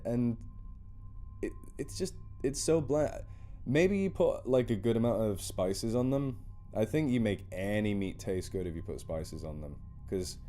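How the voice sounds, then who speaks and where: A man with a fairly low, mellow voice talks casually on a live stream, rambling a little and poking fun at himself. He thanks donors warmly by name between horror readings. Soft music plays faintly behind him. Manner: rambling, self-deprecating, chatty. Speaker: horror story narrator on a charity live stream. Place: indoors at home.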